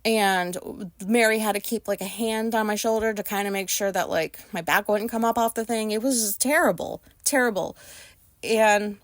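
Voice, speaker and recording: A woman's voice: mid-range voice, normal speed, no room sound. A woman from the United States telling an anxious story in a casual vlog, rambling with lots of fillers and swearing. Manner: anxious retelling, voices others in quotes. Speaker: vlogger.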